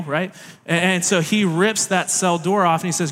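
A man's voice: high voice, steady tone, normal speed, a bit bright. A young man preaching a sermon in a casual, conversational way, with jokey asides to the congregation. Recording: long hall reverb.

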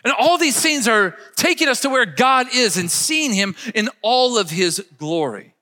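A man's voice: very high voice, expressive, measured pace, bright, forceful tone, in a large hall. A man preaching a sermon emphatically, leading his listeners to repeat words after him. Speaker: pastor.

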